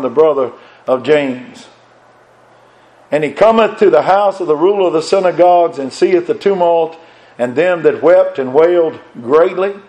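A man with a notably high speaking voice preaches a sermon. He quotes scripture in old-fashioned biblical wording and builds fervent emphasis on repeated refrains. His delivery is full of restarts and repeated words. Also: darkish tone, poor audio.

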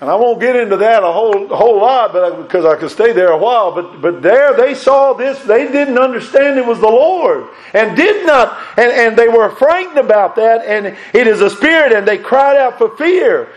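A man preaching a sermon, fervent and emphatic, repeating words and swinging between raised and hushed delivery. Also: very high voice, lively intonation, moderate pace, hardly any pauses, rough recording.

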